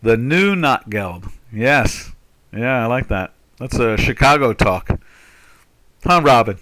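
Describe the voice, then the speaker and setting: An older American man hosts a live trading webinar, rambling through market commentary with plenty of "you know" fillers and restarts. His mid-range voice has lively intonation and a sharp tone, and he speaks slowly.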